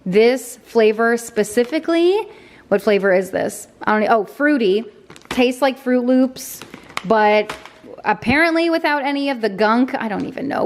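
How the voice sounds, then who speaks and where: Chatty rambling mom vlogger, woman. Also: fairly high pitch. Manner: rambling, self-deprecating, lots of "okay?" asides. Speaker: mom vlogger showing a grocery haul. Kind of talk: casual chatty vlog.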